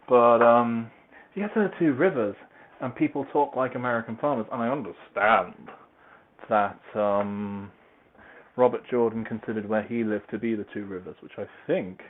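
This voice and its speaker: A man talking in a casual, meandering, self-deprecating monologue while he moves about tidying his home. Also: mid-range voice. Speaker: podcaster reviewing a book series. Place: at home, large open-plan room. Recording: tinny phone-like recording, faint noise.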